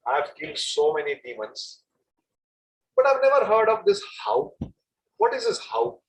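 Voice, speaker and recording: Man playing a mischievous small boy, higher voice, breezy and cheeky, devotional tale. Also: sing-song, normal speed, a little hiss or hum, poor audio. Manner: cheeky, dismissive, questioning. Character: playful mischievous little boy. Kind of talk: devotional storytelling.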